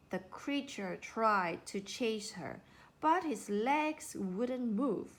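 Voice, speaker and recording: Slow, expressive woman reading a storybook. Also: fairly high pitch. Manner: unhurried, expressive narration.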